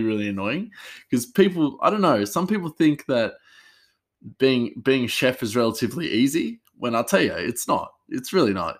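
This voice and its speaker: A man, a chef, telling work stories in a rambling casual way with many fillers and restarts. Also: on the low side. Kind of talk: casual storytelling.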